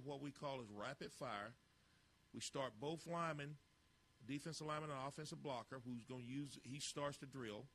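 A man's voice: fairly high pitch, fairly bright tone. A man coaching football, narrating drill footage with blunt, clipped instructions and critiques.

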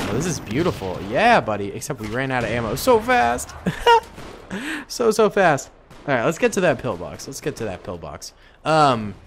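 A young man giving excitable let's play commentary, yelping and joking while he plays. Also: mid-range voice, a little hiss or hum. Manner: excitable, yelps and jokes while playing. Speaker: gaming video host. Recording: voice over loud game gunfire. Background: loud game gunfire and artillery.

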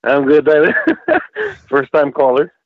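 A man's voice: a little high, wildly swooping pitch, a little slow, no room sound. A man from Italy with an Italian accent, a chatty first-time caller who laughs easily. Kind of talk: casual phone call. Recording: tinny phone line.

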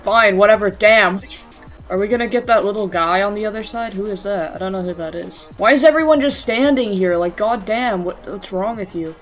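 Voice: medium pitch, brisk, soft background music. Rambling, sarcastic gaming commentator. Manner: rambling, self-correcting and sarcastic; jokey, excitable outbursts. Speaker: gaming video creator. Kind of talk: casual gameplay commentary.

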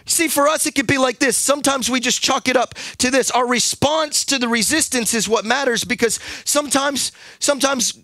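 Pastor, male, very high bright voice, emphatic sermon delivery, dry close sound. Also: normal speed, few pauses, no echo. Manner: emphatic preaching with repeated words, building to shouts. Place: church service.

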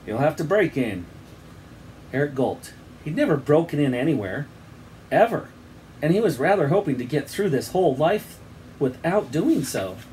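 Slightly high and dark in tone, this man's voice has a sing-song lilt and a moderate pace, with faint background noise. As a teacher, he gives an expressive reading of a children's book, dramatizes the sound effects, and then gives the class an assignment.

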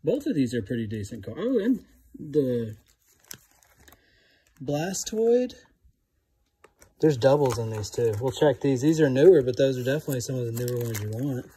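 A man chatting casually as he digs through boxes of finds, rambling and easily excited, recorded on a phone. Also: medium pitch, normal speed, pauses often, breathy edge. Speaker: vlogger digging through resale finds. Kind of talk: casual running commentary. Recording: phone recording with loud clicking and handling noise.

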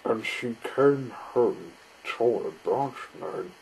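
A man reading a children's story aloud in a slow, plain way. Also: medium pitch, animated, vocal fry, a little mellow, a little hiss or hum, rough recording.

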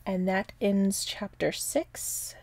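Soft-spoken woman reading a children's book. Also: medium pitch, steady tone, slow, dry recording. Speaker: storyteller.

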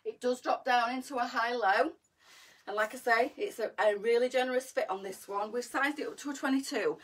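A woman's voice: mid-range voice, a bit bright, breathy edge. A middle-aged woman chatting bubbly to viewers as she models coats on a live shopping stream. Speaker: fashion boutique live seller. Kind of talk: live sales chat to viewers. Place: indoors, live video stream.

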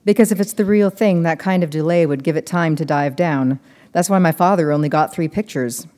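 A woman's voice: low-pitched, fairly quick, dark tone, natural voice. A woman reading aloud, voicing an earnest young man who explains things patiently. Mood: dispirited.

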